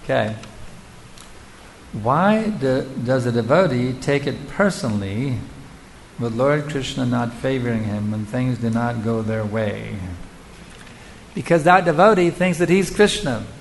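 A man's voice: medium pitch, animated, unhurried, vocal fry, a little hiss or hum, poor audio. A man who is a spiritual teacher, answering audience questions in a devotional lecture. He speaks rhetorically and emphatically, often asking his listeners questions.

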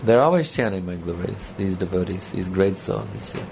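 Male speaker, gravelly, mid pitch, casual joking sermon style, faint hiss behind. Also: fairly quick, a little mellow. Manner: conversational, rambling, joking asides. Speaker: spiritual teacher. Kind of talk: sermon with audience banter.

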